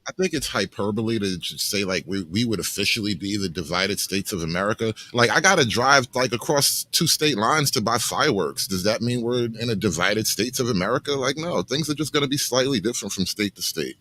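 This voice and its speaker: A man co-hosting a political podcast, blunt and provocative, building vivid, deliberate descriptions. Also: on the low side, lively intonation, sharp tone. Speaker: podcast co-host. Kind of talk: casual political chat.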